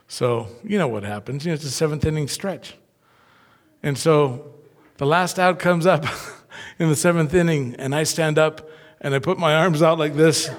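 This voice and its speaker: A man preaching a sermon, telling personal stories with lively acted-out voices. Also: fairly high pitch, moderate pace, big-room sound. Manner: animated storyteller who acts out voices. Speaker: pastor.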